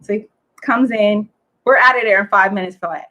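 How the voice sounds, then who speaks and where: A woman, a guest, telling a story in a casual, excitable, chatty way with lots of fillers. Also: mid-range voice, normal speed, lo-fi sound. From United States.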